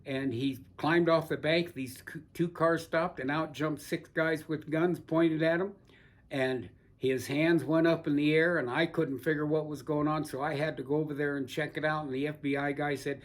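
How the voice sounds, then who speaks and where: A man's voice: a little high, steady tone, normal speed. Folksy older man telling old stories. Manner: rambling, folksy anecdotes with frequent restarts. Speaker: interviewee. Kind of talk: oral history storytelling. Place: seated indoors in a barber chair.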